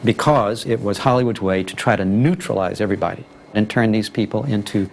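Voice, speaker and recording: A man's voice: lowish voice, a little fast, slight background noise. A man giving a reflective documentary interview about the old film industry. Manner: reflective, thoughtful explanation.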